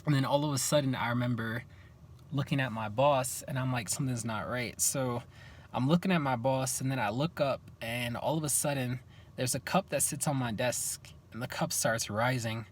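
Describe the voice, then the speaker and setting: A man's voice: mid-range voice, moderate pace, slight background noise. Young man telling stories casually. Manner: animated, acts out what people said. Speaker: vlogger. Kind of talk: casual storytelling to camera.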